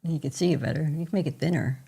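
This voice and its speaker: A woman with a husky voice chimes in from beside the host on a live trading stream. She makes short, dry, teasing remarks in a casual way. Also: low-pitched, quick pace, mellow.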